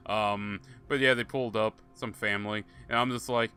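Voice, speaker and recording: During casual gameplay commentary, this streamer talks at a moderate pace in a lowish voice with a sharp tone and fairly even intonation, faint music playing behind him. He laughs, swears and rambles through stories for his viewers.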